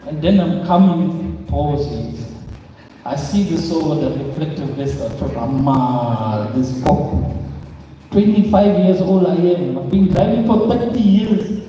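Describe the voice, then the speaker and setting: A man acts out a chatty middle-aged uncle who wanders off into boastful tales. The voice sits a touch high and dark. It echoes through a large hall from a distance. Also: takes it slowly, slight background noise. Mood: storytelling. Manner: rambling, chatty, laughs through his own stories.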